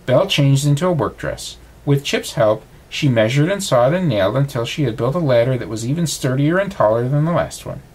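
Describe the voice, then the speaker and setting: A man reading a bedtime storybook aloud, with expressive reading. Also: mid-range voice, brisk, few pauses, slightly rough.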